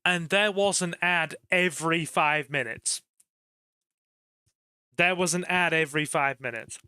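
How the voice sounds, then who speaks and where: A man chatting casually to viewers while streaming a game, rambling warmly and bursting into excited cheers. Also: fairly high pitch, measured pace, clear, resonant tone, dry recording, clean studio sound. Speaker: gaming streamer. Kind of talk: casual live-stream chat over gameplay.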